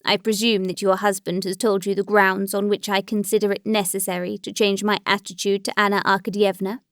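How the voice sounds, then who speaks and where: A woman's voice: mid-range voice, flat delivery, no room sound, clean studio sound, lightly acted. A woman reading a cold, formal aristocratic husband. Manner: measured and formal, turning bitter.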